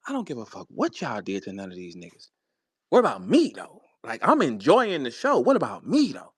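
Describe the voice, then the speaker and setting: A man's voice: medium pitch, huge pitch swings, brisk, slightly rough, no room sound, studio quality. A man hosting a heated online audio chat, swearing, taunting, and laughing at the people he is challenging. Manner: profane, confrontational, laughing taunts. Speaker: host. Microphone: online audio room.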